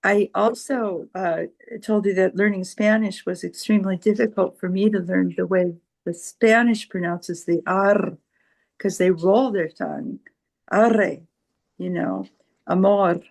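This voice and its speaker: A woman's voice: mid-range voice, measured pace, creaky, darkish tone, low-quality recording. A woman with a Californian accent, speaking as a volunteer tutor in a casual group discussion on a video call, hesitant, with many fillers and restarts.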